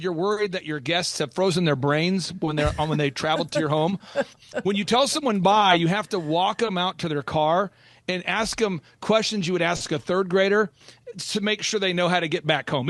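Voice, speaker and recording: A high-pitched man races through his stories as a podcast host, animated and playful, often putting on folksy voices. His voice is dry and close, with no room sound. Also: no echo. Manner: animated storyteller, acts out folksy quotes. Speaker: host and business coach. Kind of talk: energetic podcast talk with playful impressions.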